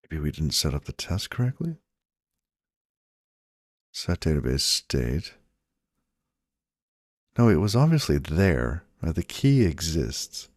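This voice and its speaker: A man with an extremely deep, low voice talks casually to himself while debugging code on a stream. He mutters and trails off, now and then chatting to his viewers. The sound is dry and close. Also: sing-song, takes it slowly, pauses often, a little mellow, dry recording. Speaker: programmer live-streaming his coding.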